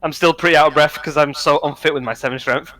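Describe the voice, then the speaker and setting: Male player, slightly high, bright tone, jokey rambling delivery. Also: steady tone, quick pace. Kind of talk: casual tabletop game chat.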